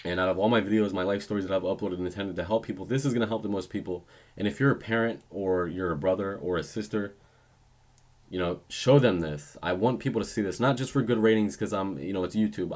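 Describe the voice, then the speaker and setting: A man's voice: low voice, darkish tone. A young man vlogging, telling a personal story in a casual, rambling way with frequent restarts and self-corrections. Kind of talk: story time vlog.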